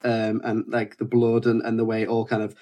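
A man's voice: on the low side, completely flat delivery, brisk, mellow. A man hosting a casual film podcast, asking his co-hosts questions and talking with many hesitations and restarts. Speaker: podcast host.

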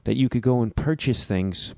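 A man with a Chicago accent hosting his own podcast, speaking in a halting, reflective way with frequent restarts. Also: mid-range voice, gravelly, mellow, dry recording, studio quality. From Midwestern United States. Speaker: podcast host. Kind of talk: casual solo podcast intro.

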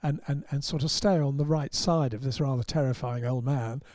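A man's voice: mid-range voice, normal speed, a little mellow, dry recording, studio quality. An English man, a motorsport journalist, telling wry, rambling anecdotes with restarts in casual podcast talk. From England.

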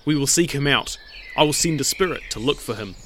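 A man's voice: medium pitch, fairly quick, fairly bright tone, a little hiss or hum, lightly acted. Guy doing a stern dad, short and grave, plain mid voice. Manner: curt, grave. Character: stern grieving older father.

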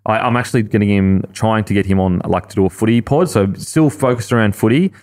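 A man's voice: fairly low pitch, fast, a little mellow. An Australian man, a former rugby league player, talking earnestly and rambling with lots of restarts as a podcast guest. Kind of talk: casual podcast chat.

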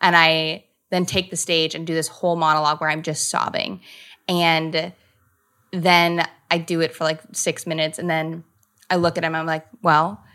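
A woman's voice: low voice, flat delivery, normal speed, bright, forceful tone, clear, resonant tone. A woman in her thirties, a comedic actor, chatting animatedly as an interview guest and laughing often. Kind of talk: casual interview chat.

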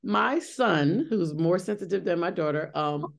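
Gravelly-voiced middle-aged woman, chatty. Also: on the low side, animated, measured pace. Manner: chatty, many restarts and fillers. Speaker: guest, Broadway actress. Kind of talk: interview conversation.

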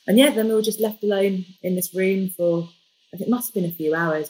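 A woman, a podcast guest, telling a personal story in a lively, jokey way. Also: lowish voice, fast, low-quality recording. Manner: lively, jokey, animated retelling. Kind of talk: casual storytelling.

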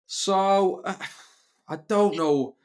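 A man's voice: high-pitched, extremely slow. A man co-hosting a podcast, recapping a soap in a sardonic, grumbling way with lots of hesitant fillers. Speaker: podcast co-host. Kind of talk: casual chat recapping a TV soap.

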